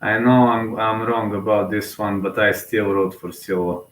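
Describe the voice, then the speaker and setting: A man's voice: on the low side, flat delivery, normal speed, roomy sound. A man giving casual live fight commentary, emotional and hesitant as he thinks aloud. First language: Serbian.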